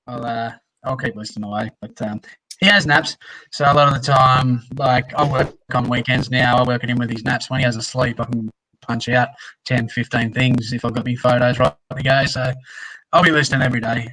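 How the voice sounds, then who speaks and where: A man's voice: medium pitch, steady tone, sharp tone, low-quality recording. An easygoing Australian man chats on a live stream. He runs his phrases together loosely and keeps things casual. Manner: easygoing, talks quickly in loose run-on phrases. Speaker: co-host.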